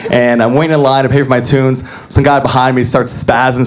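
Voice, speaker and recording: A young man doing a deadpan, self-deprecating stand-up comedy set on a club stage. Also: mid-range voice, quick pace, hardly any pauses.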